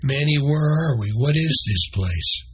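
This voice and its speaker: A man's voice: mid-range voice, slow, breathy edge, heavily acted. A man voicing a curious young boy who asks eager questions in a storybook.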